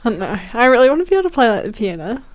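Teasing New teen girl, bright pitch. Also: sing-song, no echo. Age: teens. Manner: teasing, quick, laughing. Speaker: student radio co-host. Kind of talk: casual chat.

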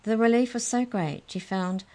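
A woman reading a children's story aloud in a gentle, even storytelling manner. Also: fairly high pitch, normal speed.

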